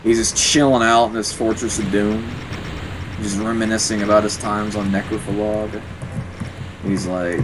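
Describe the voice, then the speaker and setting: A man's voice: lowish voice, level tone, normal speed, background noise. A man giving casual gameplay commentary, rambling and swearing as he tells loose stories while he plays. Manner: rambling, profane, laid-back storytelling. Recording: voice over loud game music.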